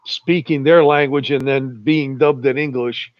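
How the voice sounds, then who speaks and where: A man in casual online talk, drawling slowly and chuckling as he tells stories. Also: medium pitch, fairly even intonation, dry recording. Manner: slow, drawling storyteller, chuckles often. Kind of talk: casual chat. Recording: muffled lo-fi voice chat.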